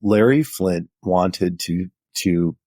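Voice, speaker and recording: A man's voice: low voice, takes it slowly, dark tone, no echo, clean studio sound. A middle-aged man, a journalist guest, telling anecdotes in a casual interview with lots of "like" fillers. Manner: anecdotal, chatty, many "like" fillers.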